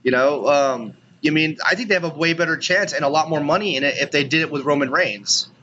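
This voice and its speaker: A man's voice: a little high, a little fast, lo-fi sound, crowd noise. A man co-hosting a podcast in casual chat, rambling with lots of "you know" and "like". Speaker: podcast co-host.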